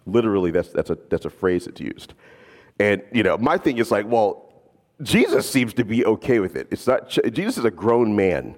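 A man preaching a sermon as a pastor, animated and casual, slipping in jokes. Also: on the low side, normal speed, long reverb tail.

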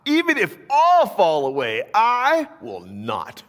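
A man's voice: high voice, wildly swooping pitch, takes it slowly, pitched above the performer's own voice, full character voice. A man doing a brash boastful disciple. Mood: defiant. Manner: brash, slangy, loud. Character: boastful loyal male disciple, brash and sure. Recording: long hall reverb.

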